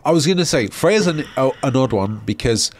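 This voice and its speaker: A man's voice: medium pitch, animated, fairly quick. A man co-hosting a podcast, talking in a casual, ranting way and swearing freely. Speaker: podcast co-host.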